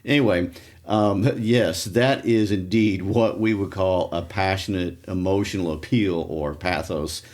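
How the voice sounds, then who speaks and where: A man's voice: low voice, steady tone, unhurried, a little mellow. A man co-hosting a literature podcast, adding wry asides and historical notes. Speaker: podcast co-host.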